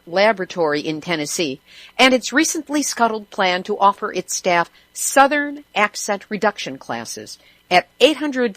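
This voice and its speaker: A woman's voice: medium pitch, fairly bright tone, no echo. Woman radio host, sarcastic news commentary, dry close studio sound. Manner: wry, sarcastic.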